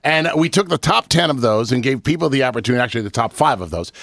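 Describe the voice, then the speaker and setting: A man hosting a radio show, talking in an excitable way that repeats words. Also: mid-range voice, fast talker, creaky, no room sound, studio quality. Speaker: radio morning show host.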